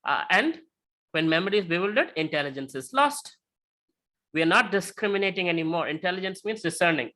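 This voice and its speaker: Bright-voiced male lecturer. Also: sits high, lively intonation, a little fast. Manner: conversational, checks in with frequent "right?"; tells illustrative stories. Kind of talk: lecture with slides.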